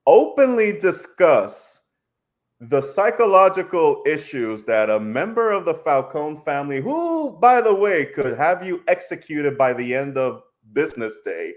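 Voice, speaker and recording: A man co-hosting a podcast, giving emphatic, animated opinions in casual discussion. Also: a little high, measured pace. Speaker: podcast co-host.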